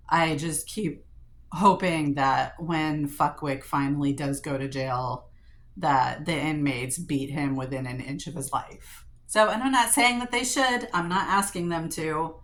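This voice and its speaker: A woman's voice: sits low, measured pace, a bit bright. A middle-aged woman speaking in a personal diary vlog, venting in an upset, profane way with frequent fillers and restarts. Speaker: vlogger.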